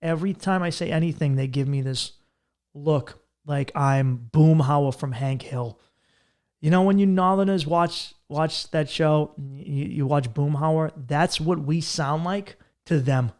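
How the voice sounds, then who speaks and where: Brief: man, podcast host doing a solo comedic rant, quick and crude, slips into mocking voices, voice sits a bit high. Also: darkish tone. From Massachusetts. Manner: profane, fast-talking, jumps into mocking voices.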